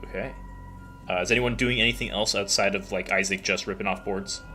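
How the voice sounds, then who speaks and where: A man's voice: fairly low pitch, fairly even intonation, a little fast, sharp tone, soft background music. A man narrating a tabletop game as game master, rambling with lots of filler words. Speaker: dungeon master.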